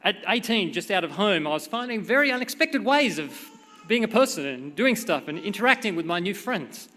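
A middle-aged man preaching a sermon in a conversational, expressive way, with a short prayer and personal stories. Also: sits high, a little fast. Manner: conversational, expressive, reads scripture dramatically. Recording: long hall reverb.

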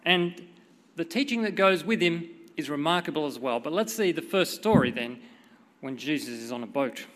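Middle-aged man, preacher, conversational sermon style, bright tone, long hall reverb. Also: on the high side, moderate pace. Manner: conversational, expressive, reads scripture dramatically. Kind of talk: sermon with prayer and storytelling.

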